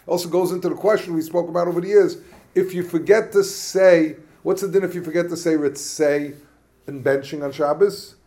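Man, Talmud teacher, questioning and animated, higher-pitched voice. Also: brisk. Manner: questioning, animated, mixes Hebrew and Yiddish terms. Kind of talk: lively Talmudic lesson.

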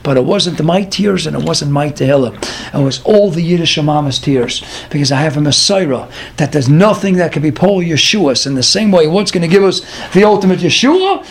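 A man with a high, light voice delivers a dramatic storytelling sermon. He talks in a lively way, peppering his speech with Hebrew and Yiddish words. There's a faint hiss of noise behind him. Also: normal speed, gravelly. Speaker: religious storyteller.

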